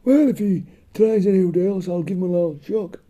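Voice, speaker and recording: A man's voice: high voice, fairly quick, warm tone. A man acting as a blunt comic sidekick, swearing freely and answering with dry one-liners. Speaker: co-host and sidekick. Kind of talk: profane comedic banter.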